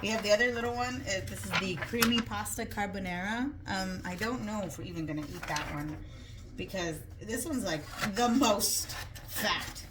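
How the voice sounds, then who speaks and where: A woman's voice: mid-range voice, moderate pace. Casual woman vlogger, out of breath, rambling kitchen chat with faint noise behind. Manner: chatty, rambling, self-joking. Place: home kitchen.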